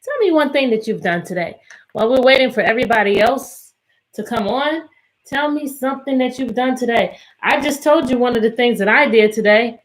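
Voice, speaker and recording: A cheerful woman teacher from Virginia talks to children on a video call. Her voice sits a little high, and she greets each kid by name with bright encouragement. Now and then she half-sings a question to the group. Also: expressive, a little fast, poor audio. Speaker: teacher and tutor hosting an online read-aloud. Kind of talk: live online reading session with children.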